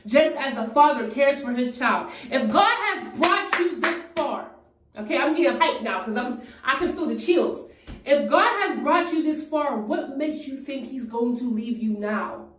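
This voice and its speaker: A woman's voice: high-pitched, distant mic. Woman vlogger preaching hard, casual and fervent, echoey room. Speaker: Christian vlogger. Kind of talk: preaching while getting ready.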